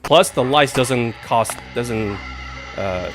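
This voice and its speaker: A man's voice: mid-range voice, animated, slow pace, music in the background. A man streaming a game live, chatting in a rambling way with sudden jumpy outbursts when startled. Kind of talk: casual live gaming commentary.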